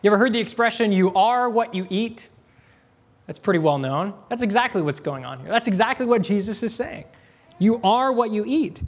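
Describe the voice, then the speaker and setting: A man preaching a sermon, reading scripture aloud and asking rhetorical questions, slowing down to stress key phrases. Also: high voice, expressive. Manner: rhetorical questions, conversational asides.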